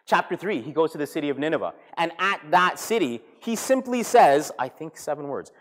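Animated man preaching a sermon. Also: on the high side, normal speed, hardly any pauses. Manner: animated storytelling, acting out characters. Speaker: pastor.

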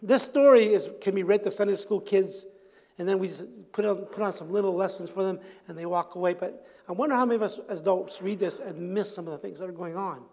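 A man preaching a sermon as a pastor, telling the story in a lively way and acting out the voices of the people in it. He often chuckles, and his voice drops quietly at the ends of lines. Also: high-pitched, fast. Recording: long hall reverb.

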